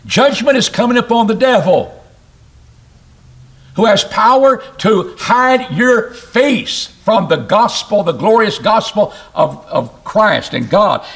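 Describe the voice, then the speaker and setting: A man preaching an expository sermon, reading scripture aloud and explaining it, with emphatic rises and sudden low drops. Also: a little slow, gravelly. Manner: animated, rising to emphatic bursts and dropping low.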